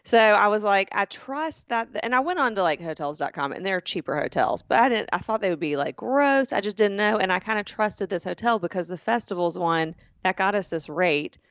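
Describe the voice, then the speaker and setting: Southern woman co-host, lively storyteller, slightly dull, dry sound. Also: medium pitch, fairly quick, hardly any pauses, dry recording. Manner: animated storyteller, acts out voices. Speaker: podcast co-host. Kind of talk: casual chat.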